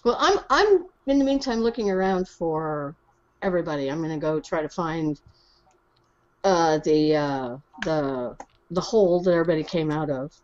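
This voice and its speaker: A woman's voice: low-pitched, animated, moderate pace, dull audio. A woman playing a tabletop game, hesitant and often restarting her sentences. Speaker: player. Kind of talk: casual tabletop play.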